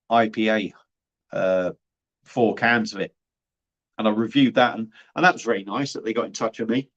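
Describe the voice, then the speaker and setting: A man chatting blunt and casual on a livestream, swearing freely as he reads out viewer comments. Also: on the low side. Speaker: beer reviewer and livestream host. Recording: dull lo-fi livestream audio.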